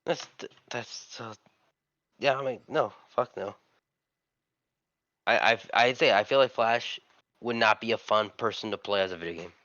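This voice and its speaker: A man's voice: lowish voice, normal speed, long pauses, bright, forceful tone, dry recording. A man co-hosting a gaming podcast in casual chat, brash and slangy with heavy swearing. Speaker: podcast co-host. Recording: dry, slightly dull lo-fi sound.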